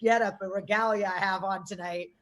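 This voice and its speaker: A woman's voice: mid-range voice, steady tone, a little fast. A woman in her forties doing brash, self-mocking, profane stand-up comedy from her garage over a video call. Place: home garage.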